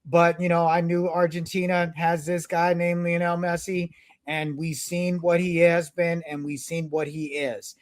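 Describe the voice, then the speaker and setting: A man's voice: on the high side, flat delivery, unhurried, no echo. A man co-hosting a casual sports talk show, rambling through his take with sports references. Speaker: podcast co-host.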